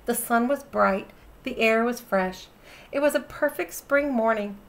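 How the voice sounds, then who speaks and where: Woman teacher, storytime read-aloud, animated and chatty with kids. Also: on the high side, unhurried. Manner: animated, asks the listener questions. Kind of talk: reading a picture book aloud to children.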